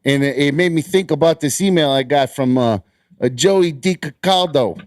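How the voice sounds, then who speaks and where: A man's voice: on the high side, normal speed, no echo, studio quality. A man hosting a casual podcast, rambling and joking with many fillers. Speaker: host.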